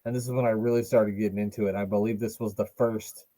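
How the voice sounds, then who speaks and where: A man's voice: fairly low pitch, little pitch movement, quick pace, warm tone. A man co-hosting a wrestling podcast, chatting casually, joking and swearing now and then. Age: adult, watched as a child in 1995. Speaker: podcast co-host. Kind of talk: casual chat watching wrestling.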